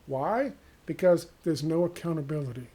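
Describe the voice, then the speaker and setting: A man delivering a profane, exasperated, sarcastic rant as a vlogger, with a gravelly voice. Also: on the high side, expressive, normal speed, warm tone. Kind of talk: ranting monologue to camera.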